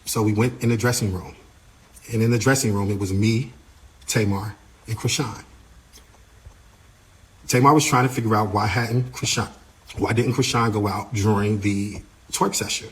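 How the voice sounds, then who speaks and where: Man retelling a story, animated. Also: on the low side, moderate pace, long pauses. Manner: animated, repeats himself, acts out quoted voices. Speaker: tour manager. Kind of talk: casual storytelling account.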